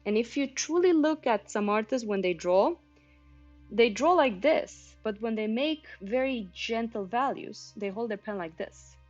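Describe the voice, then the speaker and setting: A woman's voice: a little high, expressive, measured pace, darkish tone. Chatty woman teaching art on a stream. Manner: chatty, explanatory, talks to viewers in chat. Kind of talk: casual teaching livestream. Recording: slightly muffled stream with faint music.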